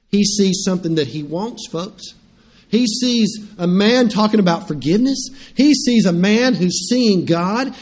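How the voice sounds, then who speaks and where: A middle-aged pastor with a high voice preaches a sermon, telling stories with animation and asking the congregation questions.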